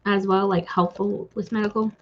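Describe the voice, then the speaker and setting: Female streamer, casual emotional chatter, husky tone, muffled lo-fi audio. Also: mid-range voice, flat delivery, normal speed. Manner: emotional, rambling, many fillers and restarts. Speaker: host of a reading stream. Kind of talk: casual chat with live viewers.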